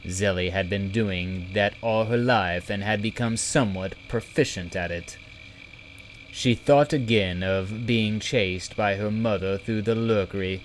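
Slow audiobook narrator guy, lowish voice, measured. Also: a little hiss or hum.

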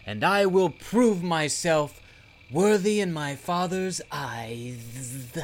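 A boastful little storybook warrior who declaims every line, as a man voices him. The pitch sits raised and the voice is forceful and proud. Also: expressive, takes it slowly. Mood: heroic. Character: small fearless creature warrior, boastful and heroic.

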